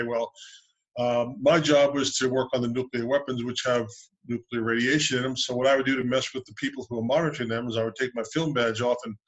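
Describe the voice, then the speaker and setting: A man's voice: mid-range voice, dull audio. An older man recounts his navy days in a loose, rambling way, full of ums and restarts. He sounds easygoing and amused, talking over a video call. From United States. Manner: rambling, good-humored anecdotes with many fillers. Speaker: submarine veteran and loan officer. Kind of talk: casual storytelling interview.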